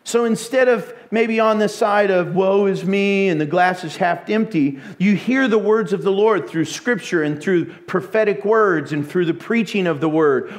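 A man preaching a sermon with animated storytelling and frequent laughter. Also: high-pitched.

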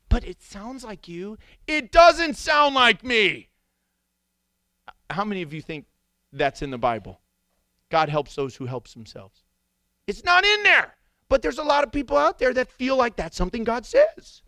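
A middle-aged man preaching a sermon with animated storytelling, jumping into sudden impressions. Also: very high voice, moderate pace, dry recording. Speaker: pastor.

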